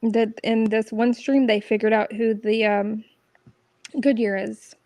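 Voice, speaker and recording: A woman's voice: fairly high pitch, little pitch movement, unhurried, warm tone, dry recording. A woman chatting on a live stream panel, gossiping casually.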